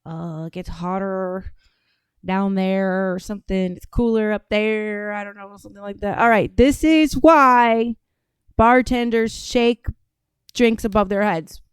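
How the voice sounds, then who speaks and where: A woman's voice: mid-range voice, steady tone, a little slow, smooth, no room sound. Blunt, profane woman podcast host. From Atlanta, US. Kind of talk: casual commentary on played clips.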